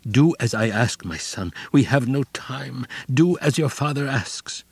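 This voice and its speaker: A man voicing a weary, frightened father who speaks quietly and urgently to his son. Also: medium pitch, animated, unhurried, creaky, husky, no room sound, exaggerated voice. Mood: hushed urgent. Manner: quiet, breathless, pressing.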